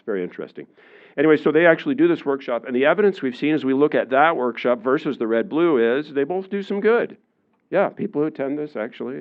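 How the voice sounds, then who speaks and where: A man giving a public lecture in a relaxed, conversational way, with many fillers, often acting out the voices of the people he quotes. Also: mid-range voice, phone-quality sound. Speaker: university lecturer. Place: lecture room.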